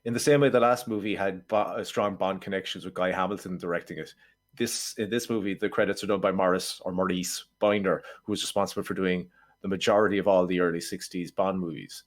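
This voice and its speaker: A podcast co-host with a fairly low voice gives dry, opinionated takes on an old spy film. He likes to act out what the star might have been thinking. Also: fairly even intonation, brisk. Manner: wry, opinionated, acts out quips. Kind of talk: casual film review chat.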